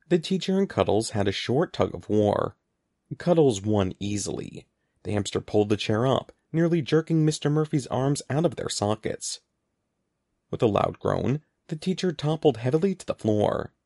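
A man narrating an audiobook in an expressive, animated reading voice, close to the mic. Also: mid-range voice, no echo.

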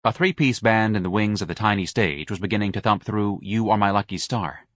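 A man narrating an audiobook in a measured, wry storytelling manner. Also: on the low side, a bit bright, no echo, studio quality. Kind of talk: scripted narration.

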